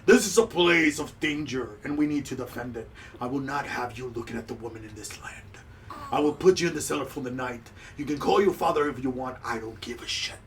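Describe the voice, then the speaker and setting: A man voicing a gruff, stern male guard captain who swears and threatens, recorded on a distant mic. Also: mid-range voice, brisk, a bit bright, voice pushed down, close to an everyday voice. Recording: distant mic, faint noise.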